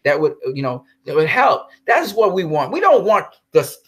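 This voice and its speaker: A man's voice: high voice, big pitch swings, normal speed, fairly bright tone. A man ranting heatedly in a commentary vlog, swearing and then apologizing for cursing. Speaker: commentary vlogger.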